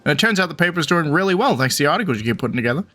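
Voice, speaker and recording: A man's voice: fairly high pitch, very animated, rapid-fire, pushed and bright. A man voicing an eager male bird reporter in a game, friendly and jumpy, who keeps calling the listener partner. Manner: upbeat, calls listener partner.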